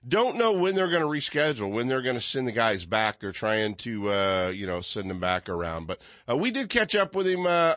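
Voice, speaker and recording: A man's voice: mid-range voice, fairly bright tone, no room sound. A man hosting a fishing radio show, chatting casually and rambling with many fillers and restarts.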